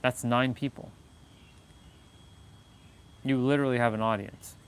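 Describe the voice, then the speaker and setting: A man's voice: medium pitch, steady tone, measured pace, clear, resonant tone. A man hosting a motivational livestream, talking in a blunt, rambling way with many restarts and fillers. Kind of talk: casual live-stream monologue.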